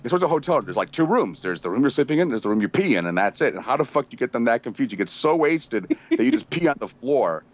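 A man's voice: medium pitch, big pitch swings, fast, few pauses, highs cut off. A man telling profane, laughing stories in casual chat, acting out quotes. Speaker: podcast regular.

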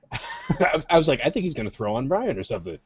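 A man's voice: fairly high pitch, wildly swooping pitch, fairly quick, a crowd in the background. A man co-hosting a casual podcast, recounting a hotel party with frequent chuckles and quoted back-and-forth. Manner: chuckling, keeps quoting others. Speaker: podcast co-host. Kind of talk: casual storytelling chat. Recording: dull lo-fi sound, dry.

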